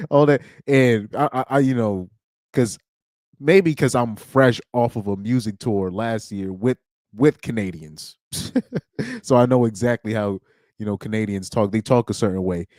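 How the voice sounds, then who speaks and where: A man's voice: medium pitch, expressive, a little slow, long pauses, a little mellow, dry recording, studio quality. A man hosting a casual livestream, rambling along with frequent restarts and chuckles. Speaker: livestream host.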